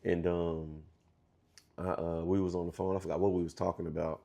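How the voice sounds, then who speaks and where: Gravelly deep-voiced man telling his story. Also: flat delivery, dark tone. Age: 30s. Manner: halting, restarts often, slangy and profane. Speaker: interview guest. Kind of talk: candid storytelling interview.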